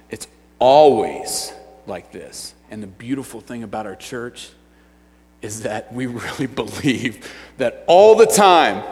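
A man preaching a sermon as a youth pastor, dropping to hushed near-whispers and then rising to loud shouts. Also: medium pitch. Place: church sanctuary. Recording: long hall reverb.

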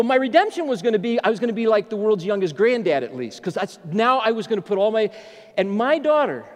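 A middle-aged male pastor with a high, very lively voice, telling stories with jokes in an animated way. His sermon rings out in a church with a long reverb. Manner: animated, joking storyteller.

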